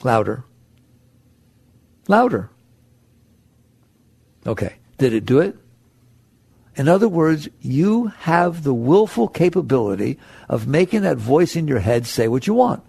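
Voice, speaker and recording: A man giving a spiritual talk to an audience, conversational and animated, acting out the voices in people's heads. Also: fairly high pitch, unhurried, gravelly, pauses often, slightly rough, dry recording. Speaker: spiritual teacher.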